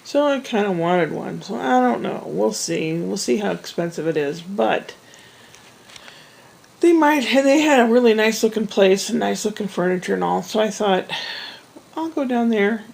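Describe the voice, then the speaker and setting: A woman with a gravelly, fry-tinged voice talks straight to camera, telling a winding personal story. She wanders into asides and restarts her sentences in a relaxed, conversational way. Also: mid-range voice, moderate pace, rough recording. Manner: rambling, chatty, with frequent restarts and asides. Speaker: vlogger. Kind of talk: casual storytelling monologue.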